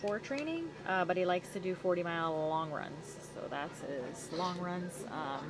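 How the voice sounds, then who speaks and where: A woman's voice: fairly low pitch, normal speed, low-quality recording. A woman commentating on a race livestream outdoors, talking in a rambling way with many fillers. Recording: loud crowd behind.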